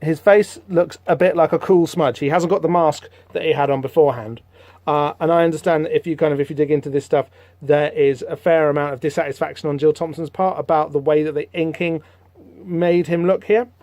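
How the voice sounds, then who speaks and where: A man hosting a podcast, rambling through a comic book issue in casual, animated commentary with lots of fillers. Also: fairly high pitch, fairly quick, dry recording. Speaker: podcast host.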